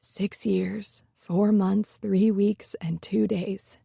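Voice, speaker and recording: A woman voicing a rugged, playful man who is a tender lover, speaking low and softly with a teasing manner. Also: level tone, extremely slow, gravelly, husky, no room sound, clean studio sound, exaggerated voice. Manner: teasing, low and soft-spoken.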